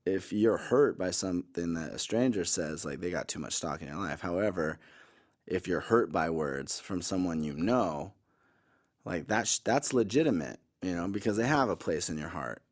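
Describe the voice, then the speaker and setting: A man with a low, deep voice talks through his views in a loose, casual podcast chat. He rambles and circles back, correcting himself and leaning on "like" and "you know." He sounds middle-aged. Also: lively intonation, moderate pace. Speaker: podcast co-host. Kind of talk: casual conversation.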